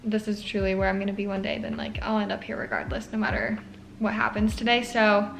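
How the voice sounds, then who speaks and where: A woman's voice: medium pitch, little pitch movement, brisk, vocal fry, a little hiss or hum. A young woman, a nursing student, tells a story in a casual vlog, chatty and heavy on fillers, her voice cracking with emotion.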